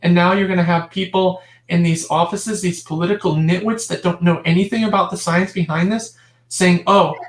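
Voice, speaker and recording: A woman's voice: fairly low pitch, steady tone, a little fast, few pauses. A woman guest talking in a casual interview, emphatic and impassioned, often restarting her sentences and adding asides. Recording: roomy echo.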